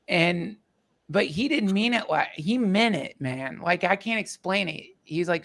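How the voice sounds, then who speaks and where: Man with a high, gravelly voice, halting. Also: animated, a bit bright. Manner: emotional, halting, many fillers and restarts. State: tearful. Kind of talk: casual storytelling.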